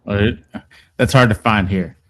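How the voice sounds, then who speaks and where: A man's voice: lowish voice, moderate pace. A man co-hosting a casual podcast, dropping in short questions and reactions. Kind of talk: casual chat.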